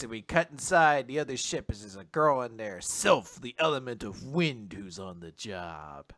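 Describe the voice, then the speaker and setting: A man co-hosting a casual manga recap podcast, animated, laughing often and acting out characters' lines. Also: medium pitch, normal speed, dry recording, studio quality. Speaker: podcast co-host.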